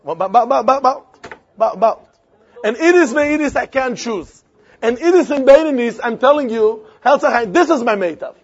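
High-pitched Yiddish-inflected teacher. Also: male voice, normal speed, breathy edge, dull audio. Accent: Yiddish-inflected English. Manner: animated, repetitive, sing-song argument with frequent questions. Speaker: Talmud teacher. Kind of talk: Talmudic lesson.

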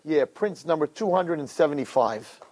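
A man's voice: on the high side, lively intonation, normal speed, darkish tone, husky. A man voicing a jaded castle guard who answers in a dismissive, sarcastic way. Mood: scoffing.

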